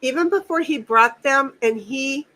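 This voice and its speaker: A woman's voice: high voice, measured pace, bright, forceful tone, poor audio. A woman hosting a casual livestream from home, venting angrily and swearing, often repeating herself. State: angry and upset. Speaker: stream host.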